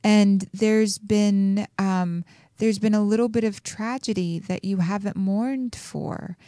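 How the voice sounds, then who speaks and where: A woman hosting a radio show, giving a caller a slow, soothing reading with many pauses and fillers. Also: medium pitch, steady tone, mellow, dry recording, studio quality. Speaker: radio show host and intuitive reader.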